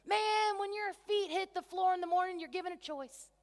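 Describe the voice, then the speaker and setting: A woman's voice: very high voice, normal speed, pitched above the performer's own voice. A woman putting on the voice of an upbeat male friend giving punchy morning advice, on stage in a big hall. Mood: pep talk. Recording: long reverb of a big hall.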